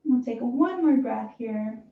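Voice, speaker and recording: A woman fitness instructor calmly cueing a stretching class with encouraging guidance. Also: on the high side, takes it slowly. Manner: calm, encouraging cueing with soft breathy asides. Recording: roomy, distant, dull sound with faint hiss.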